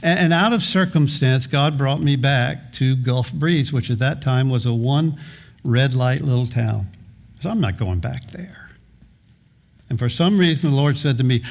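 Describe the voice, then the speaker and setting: Earnest pastor preaching, slightly high voice. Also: male voice, lively intonation, a little slow, gravelly, long pauses. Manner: earnest, with frequent repeated words and restarts. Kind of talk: sermon.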